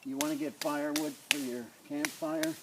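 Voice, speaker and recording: A man's voice: on the high side, wildly swooping pitch, normal speed, creaky, heavy background noise. A man casually reviewing a survival knife in his yard, talking in a rambling, blunt way into a tablet camera on a tripod. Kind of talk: casual outdoor demo vlog. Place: outdoors in a front yard.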